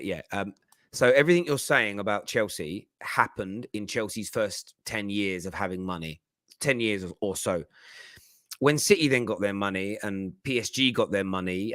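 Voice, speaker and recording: A man's voice: on the low side, a bit bright, no echo, clean studio sound. A man hosting a live football phone-in stream, chatting and bantering with viewers. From England. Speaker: football podcast host.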